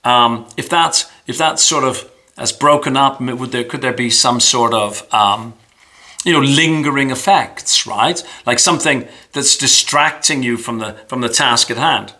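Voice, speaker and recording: A man's voice: mid-range voice, a little slow, bright, forceful tone. A man hosting a boxing channel, giving a chatty, self-deprecating news commentary and thinking aloud as he goes.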